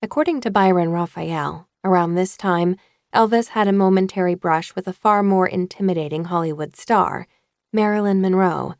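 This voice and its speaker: A woman narrating an audiobook in a measured, even reading voice. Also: on the low side, no room sound, studio quality.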